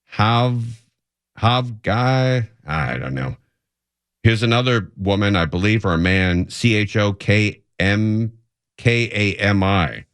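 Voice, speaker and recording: A man hosting a talk radio show, reading out a list in a deadpan comic bit and slowly sounding out odd names. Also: on the low side, clear, resonant tone, dry recording. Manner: deadpan, drawn-out mock pronunciations. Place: radio studio.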